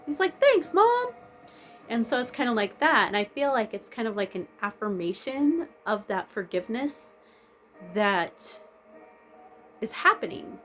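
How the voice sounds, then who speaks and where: A woman's voice: mid-range voice, expressive, measured pace, pushed and bright. A woman vlogger chatting casually, rambling and drifting off topic, blunt and swearing freely. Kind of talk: casual chat. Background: faint music playing.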